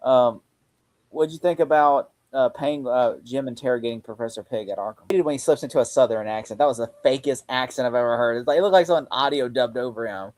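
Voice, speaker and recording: A man's voice: medium pitch, fast, a little mellow. A man in casual podcast chat, joking around and riffing on scenes as he talks. His voice sits in a middle range. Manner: jokey, mimics lines from the show. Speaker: podcast host.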